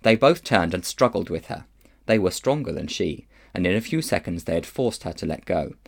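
A man reading a children's novel aloud in an expressive storytelling manner. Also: low voice, normal speed, creaky. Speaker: children's book reader.

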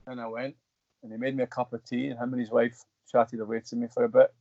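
A middle-aged Scottish man, an actor guest, telling stories in an animated, rambling way with many restarts. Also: medium pitch, quick pace, no echo, highs cut off. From Scotland. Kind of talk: casual storytelling interview.

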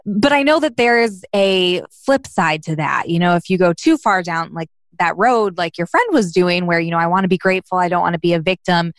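A woman's voice: fairly low pitch, no room sound. Curious woman host with a dry sound. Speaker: podcast host. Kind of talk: interview questions, casual chat.

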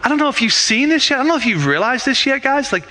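An easygoing Jesus, put on by a man, calls out in a raised, ringing, high voice. He sounds informal and eager, with quick, repeated hails. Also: very animated, sharp tone, exaggerated voice. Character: casual friendly Jesus calling out to followers.

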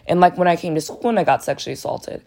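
A young woman in college with a croaky, dehydrated voice, candidly telling a raw personal story in a casual vlog. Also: fairly low pitch, lively intonation, fast talker, a little mellow. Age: young adult. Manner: candid, raw, frank storytelling with blunt language.

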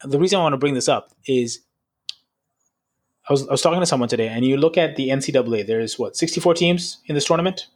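Rambling sports podcast host. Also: male voice, medium pitch, fast. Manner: rambling, fills with "like" and "right?". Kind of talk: casual sports chat.

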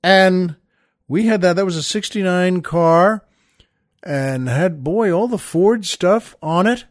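A man's voice: high-pitched, takes it slowly, no echo, clean studio sound. An older man hosting a podcast, telling stories in a casual, rambling way, with many "uh"s and restarts, and calling his listeners "folks.". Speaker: podcast host. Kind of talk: casual storytelling monologue.

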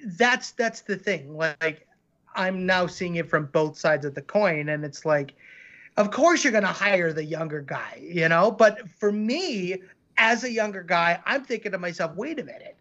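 A man co-hosting a podcast in casual chat, rambling and animated with lots of fillers. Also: high-pitched, measured pace, muffled recording. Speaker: podcast co-host, animation studio co-founder.

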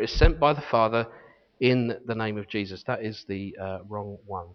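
Male pastor, mid-pitched, earnest sermon delivery, lo-fi recording with a long reverb tail. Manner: earnest teaching, reads scripture aloud, frequent restarts. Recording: long hall reverb, dull lo-fi sound.

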